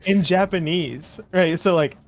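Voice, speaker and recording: Male guest, higher pitch, hesitant storyteller, faint music. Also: unhurried. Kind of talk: casual stream chat.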